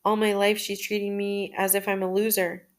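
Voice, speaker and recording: A woman at medium pitch reads through her own journal in the first person. Her rhythm stays steady and considered, interrupted at times by restarts.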